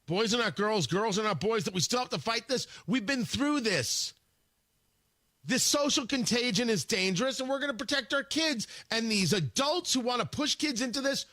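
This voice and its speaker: A man's voice: extremely high pitch, animated, unhurried, pauses often, bright, forceful tone, no echo, studio quality. A man hosting a talk radio show, delivering a combative opinion monologue and repeating words for emphasis.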